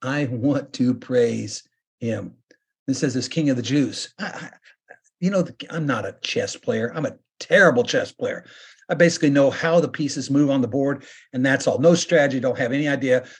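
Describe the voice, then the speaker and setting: A man preaching a sermon as pastor, earnest, slowing down and lifting his voice to stress points. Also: mid-range voice, slightly rough. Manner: earnest preaching that slows and rises for emphasis.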